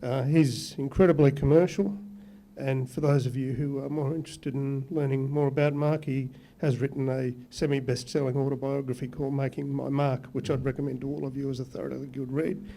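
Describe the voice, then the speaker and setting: A man with an Australian accent, a company executive giving formal meeting remarks in an even, matter-of-fact way. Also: medium pitch, a little fast, vocal fry, a little hiss or hum.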